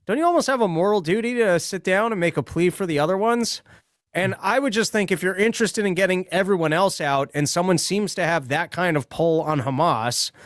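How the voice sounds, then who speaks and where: A man co-hosting a political podcast, reasoning things through aloud at a measured pace. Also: a little high, dry recording, clean studio sound. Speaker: podcast co-host. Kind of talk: political discussion chat.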